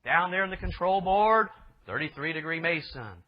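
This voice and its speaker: A man's voice: on the high side, expressive, moderate pace. A male pastor preaching a sermon with emphatic delivery, asking rhetorical questions of his listeners. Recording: dull lo-fi recording.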